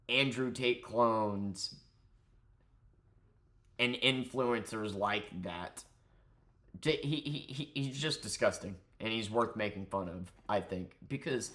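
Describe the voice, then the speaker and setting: A man's voice: mid-range voice, a bit bright. A man ranting in angry, profane, mocking commentary about an online influencer. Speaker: commentary YouTuber.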